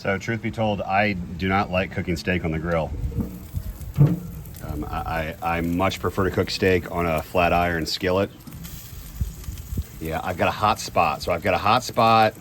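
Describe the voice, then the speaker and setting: A man's voice: low-pitched, steady tone, measured pace, long pauses, fairly bright tone, a little hiss or hum. A man in a casual cooking vlog, chatty and self-deprecating, thinking aloud as he grills outdoors. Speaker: home cook.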